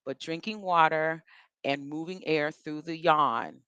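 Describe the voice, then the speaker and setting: A woman's voice: deep voice, measured pace, a bit bright, smooth, dry recording, highs cut off. A woman vocal coach leading a workshop, giving chatty, encouraging instructions and demonstrating yawns and breaths as she teaches.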